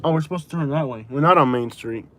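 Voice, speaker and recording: A man's voice: fairly high pitch, quick pace. A man from Florida chatting casually on a live stream while driving, rambling with lots of fillers. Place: in a car.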